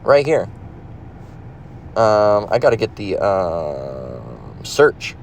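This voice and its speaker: A man's voice: deep voice, wildly swooping pitch, drawn-out words, gravelly, a little hiss or hum. A man preaching in a casual, emphatic, profane manner, reading scripture and rambling with restarts, recorded in a car. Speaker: religious teacher.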